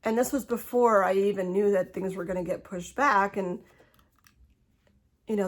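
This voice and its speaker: A middle-aged woman chats into her phone from home in a loose, unscripted way. She laughs easily and trips over her words as she goes. Her voice sits at a middle pitch for a woman. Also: moderate pace, long pauses. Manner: chatty, laughs often, talks with restarts. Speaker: vlogger. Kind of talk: casual personal vlog. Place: home, indoors.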